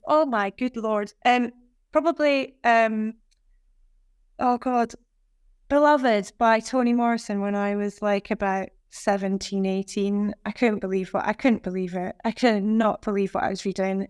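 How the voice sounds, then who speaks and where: A woman with a Scottish accent, a guest author in a casual interview chat, enthusiastic and expressive. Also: medium pitch, clean tone, no room sound, clean studio sound. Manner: enthusiastic, expressive, quick bursts of praise.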